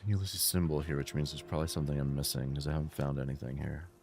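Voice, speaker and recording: A man's voice: very deep voice, little pitch movement, very fast, creaky, darkish tone, slight background noise. A man streaming a game, chatting casually with his chat, swearing freely, laughing often and wandering off on asides. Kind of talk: casual chat reading stream chat while gaming.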